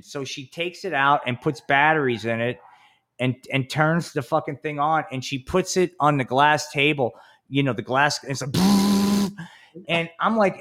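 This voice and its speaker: Male co-host, 50s, slightly high voice, swearing, rambling anecdotes with acted-out quotes. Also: a little fast, a bit bright. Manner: profane, rambling, acts out quotes in a raised voice. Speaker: podcast co-host. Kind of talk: casual storytelling.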